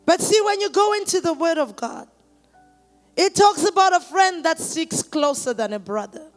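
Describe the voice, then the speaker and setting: A woman preacher, perhaps in her thirties, giving a sermon that moves from quiet personal testimony to shouted calls to the congregation. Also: extremely high pitch, lively intonation, moderate pace, soft background music.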